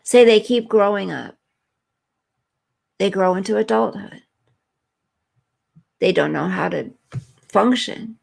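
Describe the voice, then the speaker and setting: A woman's voice: mid-range voice, slow, creaky, pauses often, a little mellow. A woman hosting a live stream, chatting earnestly and emotionally with viewers and reading their comments.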